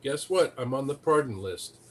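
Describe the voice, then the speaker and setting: A man's voice: medium pitch, lively intonation, moderate pace, fairly bright tone, husky. A man on a video call panel, talking bluntly and profanely, incredulous at the news. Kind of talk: casual panel chat.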